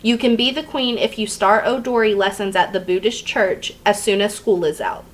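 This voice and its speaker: A woman's voice: mid-range voice, steady tone, moderate pace, natural voice. A strict, scolding father who lectures his teenage daughter about how she dresses and walks, voiced plainly by a woman reading a novel aloud. His words are firm but stay close to an everyday reading voice. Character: stern angry immigrant father, lecturing.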